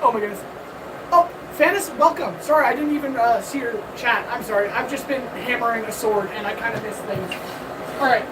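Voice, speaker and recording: A woman's voice: a little high, fairly quick. A woman blacksmith chatting casually on a live stream while she forges, upbeat and greeting viewers, out of breath from hammering. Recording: distant mic with loud forge noise.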